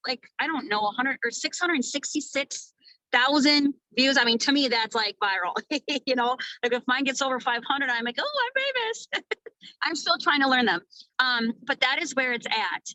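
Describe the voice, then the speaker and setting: A woman from Minnesota in her thirties giving a casual, energetic motivational training talk to her sales team, swearing freely. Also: high-pitched, moderate pace, no room sound, low-quality recording. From Minnesota, USA. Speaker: network marketing team leader.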